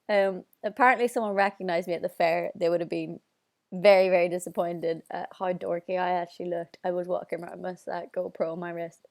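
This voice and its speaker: A young singer from Northern Ireland hosts a live stream, chatting casually and bubbly in her Northern Irish accent while reading viewer comments aloud. Her voice sits on the low side, steady and a little mellow, at a normal pace.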